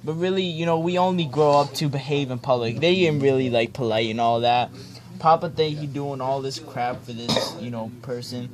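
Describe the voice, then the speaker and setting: With friends chatting and laughing around him, a young man gives a comedic ad-libbed reading of a children's storybook, tossing in laid-back slang and jokes. He speaks at a medium pitch and moderate pace.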